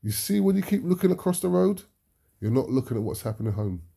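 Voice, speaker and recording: A British man speaks as a preacher, his voice gravelly and dark in tone. He drives his points home emphatically and often tags them with a questioning "yeah?". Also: a little high, big pitch swings, fast talker. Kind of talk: impassioned talk to an audience.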